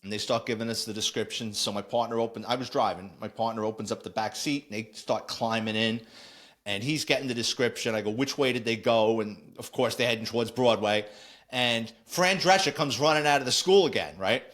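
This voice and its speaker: An older man, a former police officer telling a blunt, animated story on a podcast. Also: medium pitch, a little fast. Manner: animated, blunt, acts out quoted voices. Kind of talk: casual anecdote storytelling.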